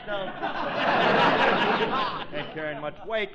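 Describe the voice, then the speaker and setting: A man's voice: on the high side, animated, unhurried, heavy background noise. A man starring in and hosting a 1950s radio sitcom, brash and blustering, on a dull old broadcast recording. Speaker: sitcom star and host.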